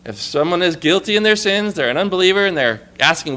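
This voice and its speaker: Male preacher, high bright voice, animated and conversational, keeps asking the listeners questions. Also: fairly quick. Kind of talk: conversational sermon.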